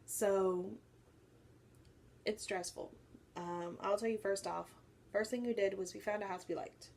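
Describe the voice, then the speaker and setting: A young woman telling a personal faith story to her viewers, animated and acting out what people said. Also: mid-range voice, measured pace, gravelly, a little hiss or hum. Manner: animated storytelling, acts out quoted voices. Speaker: faith vlogger. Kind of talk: personal testimony to camera.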